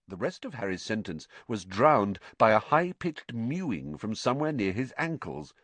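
A man narrating an audiobook with expressive storytelling. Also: fairly low pitch, normal speed, hardly any pauses, dry recording. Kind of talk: scripted narration.

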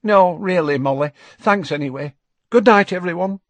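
A man's voice: sits high, normal speed, no room sound, voice pushed up. A man voicing a subdued young witch who speaks hurriedly and awkwardly in an audiobook reading. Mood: evasive.

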